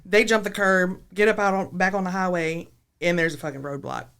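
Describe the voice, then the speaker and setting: Woman, rapid delivery, profane, blunt, storytelling guest. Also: fairly low pitch, steady tone, creaky, a bit bright, clear, resonant tone. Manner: blunt, profane, laughing through her story. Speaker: podcast guest. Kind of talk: casual storytelling.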